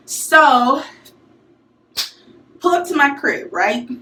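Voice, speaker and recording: A young woman from St. Louis telling a college story to her viewers in a casual, slangy, animated way. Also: sits high, slow, pauses often, slight background noise. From St. Louis, USA. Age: young adult. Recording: echoey room, mic at a distance.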